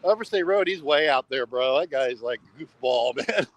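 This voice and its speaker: A man's voice: fairly high pitch, animated, moderate pace, no echo, poor audio. A man rambling casually for a travel vlog while walking along a road at night, repeating himself and saying "bro" a lot. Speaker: travel vlogger.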